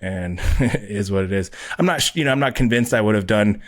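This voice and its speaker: A man guest on a podcast, telling a story casually, swearing a lot and acting out quotes loudly. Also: fairly low pitch, brisk. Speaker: podcast guest, pro bodybuilder.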